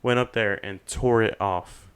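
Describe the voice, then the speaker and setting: Smooth-voiced young man telling a story. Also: lowish voice, unhurried. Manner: animated storyteller, swears a lot, acts out voices of others. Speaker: podcast guest. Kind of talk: casual storytelling.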